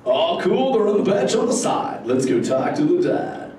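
In a large indoor theater with a loud audience, a man performs a laid-back surfer-dude sea turtle in a live improvised interactive show, using a high, very animated voice at normal speed with a goofy drawl. Stoked, he keeps calling everyone "dude," and the distant, echoey theater recording has slight background noise.

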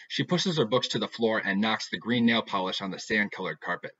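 Low, husky man narrating deadpan. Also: brisk, few pauses. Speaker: audiobook reader. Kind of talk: first-person novel narration. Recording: dull lo-fi recording.

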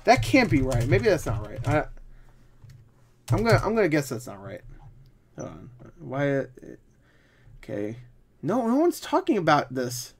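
A tired young man rambling through casual movie box office commentary, swearing often and breaking into loud disbelief. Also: on the high side, huge pitch swings, unhurried, creaky, long pauses, husky. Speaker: movie vlogger.

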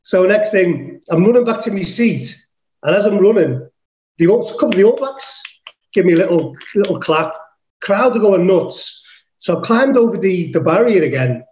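A man's voice: high voice, expressive, moderate pace, darkish tone, echoey room, dull audio. A man from England, a podcast guest, telling a rowdy story with lots of swearing and acting out his own lines. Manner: swears casually, acts out his own quotes. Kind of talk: animated storytelling.

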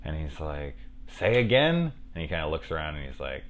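A middle-aged man with a notably low voice talks through a horror movie in a loose, casual way. He rambles off on tangents and swears freely. It sounds like an off-the-cuff video review. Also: level tone, quick pace. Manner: rambling, profane, chatty asides. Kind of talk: casual spoken film review.

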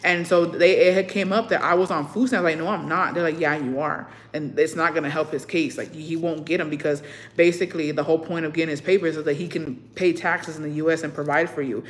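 Profane, animated young woman storyteller. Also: sits low, a little fast. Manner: profane storytelling, slips between English and Spanish; animated, acts out what people said. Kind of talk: casual chat.

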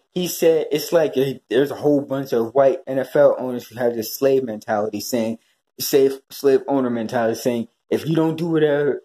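A man ranting profanely in a commentary vlog, swinging between high yelling and low muttering. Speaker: commentary vlogger.

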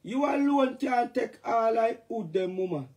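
A Jamaican man chatting loosely on a live stream, his voice sitting high for a man. He rambles and jumps between topics, now and then bursting into loud catchphrases. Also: lively intonation, unhurried. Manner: rambling, playful, shouts catchphrases. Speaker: dancehall artist talking to fans. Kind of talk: casual live-stream chat.

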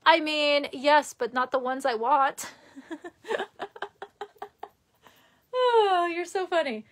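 High-voiced chatty young woman streaming. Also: expressive, a little slow. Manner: rambling, chatty, reads viewer comments aloud. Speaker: live streamer. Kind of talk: casual live-stream chat. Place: room in her parents' house.

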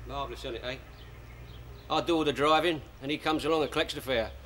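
An actor playing a cheeky working-class bus driver, hearty and jokey in a 1960s studio sitcom. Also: male voice, medium pitch, quick pace, close to an everyday voice. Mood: sarcastic. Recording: hissy old 1960s TV recording.

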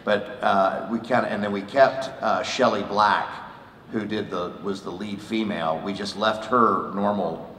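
Low guy with a bright sound telling a funny story, echoey hall. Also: steady tone, a little slow, a little hiss or hum. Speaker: voice actor on a convention panel. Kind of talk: laughing anecdote. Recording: echoey convention hall, mic from far off.

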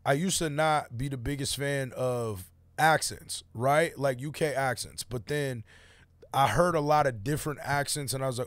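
A man's voice: medium pitch, normal speed, a bit bright, no room sound. A man giving casual, slang-heavy reaction commentary on a song he is playing, full of fillers like "like" and "you know.". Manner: laid-back slangy opinions, many fillers. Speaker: music reaction host.

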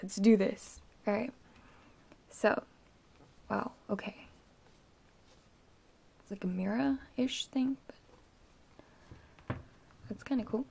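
Young woman, home unboxing vlog, gushing and whispery, some vocal fry, faint background noise. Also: medium pitch, takes it slowly, long pauses, dark tone. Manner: gushing, rambling, often whispering in awe. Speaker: vlogger unboxing an album. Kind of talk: excited unboxing chatter.

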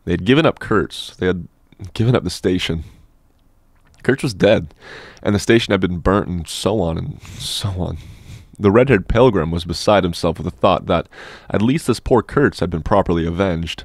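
A man narrating a classic novel as an audiobook in a measured, steady storytelling manner, close on a studio mic. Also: sits low, dry recording. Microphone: dynamic studio microphone.

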